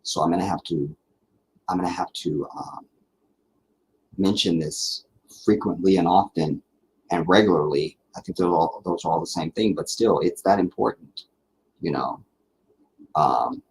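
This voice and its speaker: A man's voice: sits low, measured pace, long pauses, a little hiss or hum, poor audio. A man hosting a casual live stream, chatting loosely with viewers, rambling, repeating himself and laughing easily. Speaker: livestream host. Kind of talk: casual live chat reading viewer comments.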